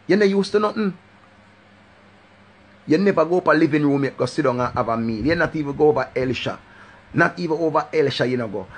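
A Jamaican man hosting his own live stream, ranting loosely in patois. His voice sits at a middling pitch and swings up into a sing-song refrain whenever he repeats his catchphrase. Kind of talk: casual live-stream rant.

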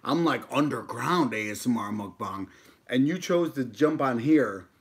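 A man's voice: medium pitch, animated, measured pace. Laid-back joking man on a live stream. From United States. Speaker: mukbang YouTuber. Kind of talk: casual live-stream chat while eating.

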